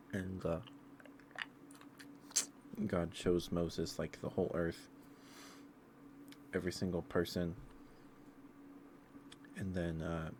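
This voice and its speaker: A man's voice: deep voice, background noise. A sleepy man in a casual ASMR stream, telling a meandering story in a loose, rambling way.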